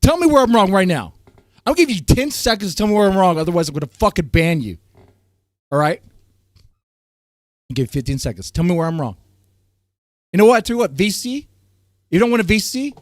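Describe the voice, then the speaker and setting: A male streamer rants at his chat in a high, lively voice that leaps from shouted outbursts down to low mutters. His voice sounds strained, and he keeps clearing his throat. The sound is close and dry. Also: a little fast, long pauses, no echo. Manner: heated, swings from loud outbursts to low muttering. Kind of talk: ranting livestream commentary to chat.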